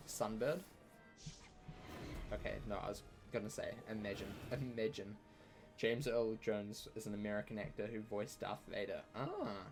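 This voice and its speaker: A man's voice: on the low side, unhurried, faint music behind. A man giving chatty, playful live commentary on a game he streams, with joking trash talk aimed at the enemies.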